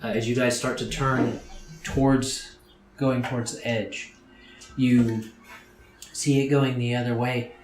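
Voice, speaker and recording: A man acting as game master, describing scenes and creatures in a tabletop game in a halting way, full of fillers. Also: mid-range voice, flat delivery. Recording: roomy sound with music behind.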